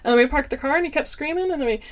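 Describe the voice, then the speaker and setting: Animated young mom telling stories. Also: female voice, sits high, racing. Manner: animated storyteller, acts out quotes. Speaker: parent sharing stories. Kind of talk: casual chat.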